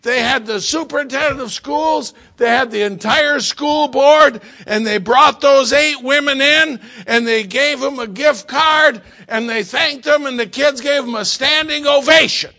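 Middle-aged male preacher, storytelling sermon, ringing tone, big swings between hushed and shouted. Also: very high-pitched, unhurried, vocal fry, hardly any pauses.

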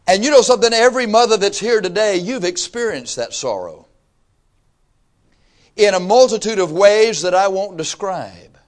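A man in his fifties with a drawl preaches a sermon, his voice set a little high for a man. He talks to the congregation in a folksy, conversational way, then climbs into emphatic bursts. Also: expressive, moderate pace. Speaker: pastor.

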